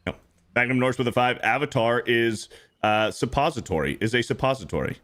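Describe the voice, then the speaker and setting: A man's voice: medium pitch, fairly quick, fairly bright tone. A man hosting a casual livestream, reading donation messages aloud and joking with the crew.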